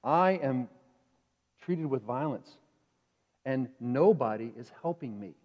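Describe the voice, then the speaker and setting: A male pastor preaching a sermon in a conversational, animated way, asking the congregation questions. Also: mid-range voice, slow pace. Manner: animated, acts out inner voices. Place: church sanctuary. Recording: dull reverberant church hall.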